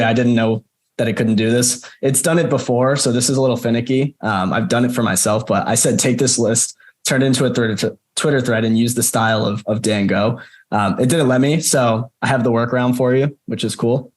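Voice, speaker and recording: A man teaching a group over a video call in a casual, chatty way, often checking in with "right?" and speaking to students by name. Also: mid-range voice. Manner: conversational, frequent "right?" tags, addresses students by name. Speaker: course instructor. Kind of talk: casual screen-share walkthrough.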